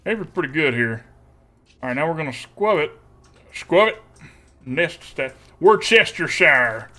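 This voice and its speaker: A man's voice: fairly high pitch, lively intonation, brisk, bright, forceful tone. Man hamming up a folksy country twang. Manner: joking, self-deprecating asides. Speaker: streamer. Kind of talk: live-streamed card game commentary.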